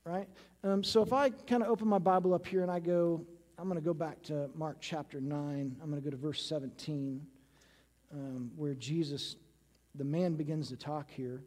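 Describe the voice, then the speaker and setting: High-voiced male pastor in echoing hall. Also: a little mellow. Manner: casual, frequently adds tag questions like "right?". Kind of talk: conversational sermon. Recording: long reverb of a large hall.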